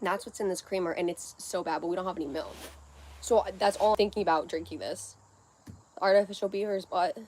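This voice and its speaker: A woman's voice: lowish voice, fairly even intonation, fairly quick, darkish tone, a little hiss or hum. Rambling woman chatting on a livestream. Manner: rambling, scattered, jumps between topics. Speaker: livestream host. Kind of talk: casual livestream chat.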